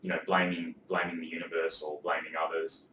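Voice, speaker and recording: A man's voice: sits low, completely flat delivery, fairly quick, sharp tone, a little hiss or hum. A man hosting a casual interview, laid-back and encouraging, calling his guest mate. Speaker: interview host. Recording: echoey room, mic at a distance.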